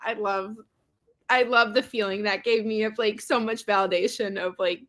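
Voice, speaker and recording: A woman's voice: mid-range voice, steady tone, moderate pace, fairly bright tone. A young woman co-hosting a casual movie chat, giggly and chatty, with lots of filler words. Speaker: podcast co-host.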